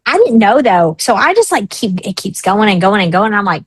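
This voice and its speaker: Speaking fairly quickly in a mid-range voice with a breathy edge, a woman in her thirties tells a talk show audience a frank, lively personal story and voices the different people in it. The recording is low in quality but free of echo.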